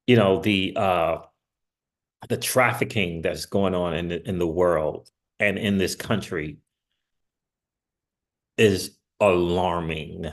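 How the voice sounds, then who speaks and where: Guy hosting his channel, rambly and animated, voice jumps up when he gets fired up, laughs a lot. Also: slow, long pauses. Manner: animated, rambling, laughs often, pitch swings up when excited. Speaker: crypto channel host. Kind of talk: casual livestream commentary.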